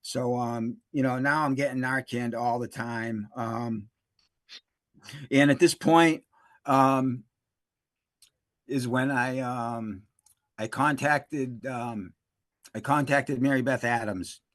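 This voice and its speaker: A man telling his recovery story in a halting, emotional way, full of fillers and restarts. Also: mid-range voice, fairly even intonation, a bit bright, dry recording. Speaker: interview guest, recovery specialist. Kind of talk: emotional personal testimony.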